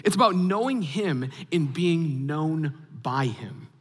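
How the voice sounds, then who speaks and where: A man in his thirties preaching a sermon as a pastor, telling a story with animated, acted-out reactions. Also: fairly high pitch, takes it slowly. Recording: long hall reverb.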